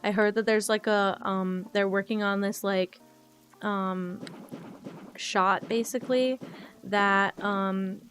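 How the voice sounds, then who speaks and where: A woman's voice: medium pitch, steady tone, slow pace, fairly bright tone, soft background music. A woman streaming a game, chatting casually and emotionally with viewers while she plays.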